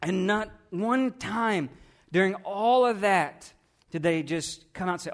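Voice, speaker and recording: A man's voice: high voice, a little slow, vocal fry. A man pastor preaching a sermon in a conversational way, asking rhetorical questions and often repeating his words.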